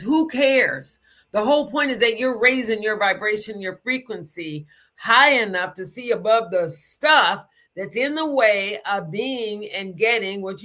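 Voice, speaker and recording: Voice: medium pitch, sharp tone. A spiritual teacher giving an informal talk, emphatic and conversational, stretching words out for stress. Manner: conversational, loose, with asides.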